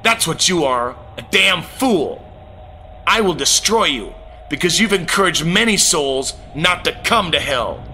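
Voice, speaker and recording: Slow, low, menacing Satan in a spoken testimony, drawing out each taunt with a cruel, mocking edge, as a man puts him on. A sneering male demon lord who lingers over every word. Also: expressive, sharp tone, faint music behind, full character voice. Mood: threatening.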